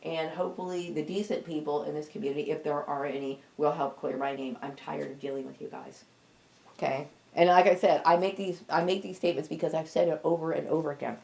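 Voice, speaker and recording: Defiant middle-aged woman, low gravelly voice with fry, hammers each point home. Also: steady tone, fast talker, a little mellow. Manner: emphatic, repeats "okay?" for stress; blunt and defiant. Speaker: vlogger. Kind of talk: personal monologue to camera.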